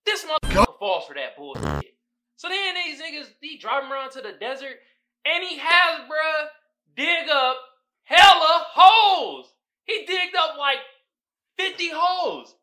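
Male podcast host, lively profane movie recapper, very bright tone. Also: extremely high pitch, a little slow. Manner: animated, profane storytelling with frequent laughter. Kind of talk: casual movie recap chat.

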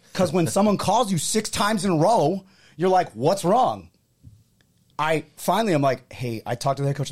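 A man hosting a sports podcast in easy banter with his co-host. His pitch rises and falls a great deal as he acts out what people said. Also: fairly quick, breathy edge. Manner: animated storyteller, acts out quotes.

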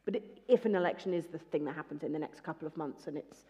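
Woman, very low voice, warm dark tone, measured political commentator. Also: dull audio. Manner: measured, thinking aloud. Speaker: political commentator, former party staffer. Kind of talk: casual political chat.

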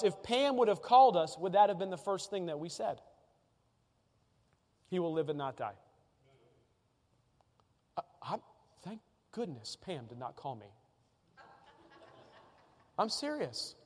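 A male pastor delivers a sermon with a fairly high voice, chatty and emphatic as he stacks up repeated phrases. His words ring out with a long reverb tail from a large hall.

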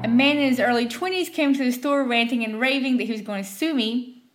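A woman's voice: on the high side, fairly quick, soft background music. Wry Appalachian woman telling stories. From Southwest Virginia. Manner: wry, self-deprecating. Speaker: storyteller podcast host. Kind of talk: scripted story narration.

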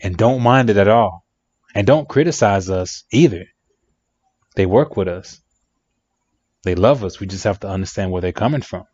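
A man's voice: fairly low pitch, normal speed, pauses often, a little mellow, no room sound. A man giving relationship advice in a reflective monologue, emphatic and repeating phrases for effect. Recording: dry, dull lo-fi sound.

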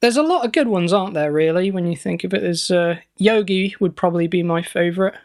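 A man co-hosting a comedy podcast, telling a mock-serious story with deadpan banter. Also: sits high, fast talker. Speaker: podcast co-host.

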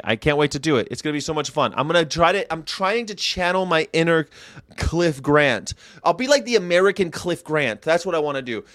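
Animated, rambling man hosting a livestream. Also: a little high, no room sound, clean studio sound. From Southern California. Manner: animated, rambling, jumps between jokes and pleas. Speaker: vegan channel host. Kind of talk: casual livestream talk.

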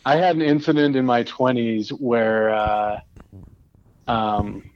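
A man in a casual chat, joking and halting, with lots of fillers and restarts. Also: mid-range voice, steady tone. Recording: slightly dull dry sound.

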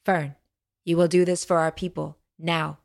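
A woman voicing a tired rebel mother and leader who speaks gravely and gives firm orders. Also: fairly low pitch, little pitch movement, normal speed, darkish tone. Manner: grave, commanding.

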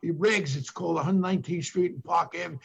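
A man's voice: fairly high pitch, quick pace, vocal fry, husky. An older man with a New York accent, a former detective telling police stories as a podcast guest and acting out what the people in them said. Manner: acts out quotes from others with emphatic bursts. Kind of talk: animated storytelling.

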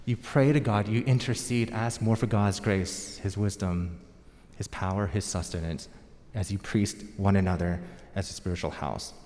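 A man's voice: on the low side, steady tone, moderate pace, a little mellow. An American man preaching a sermon as pastor, in a conversational storytelling manner. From United States. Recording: long hall reverb.

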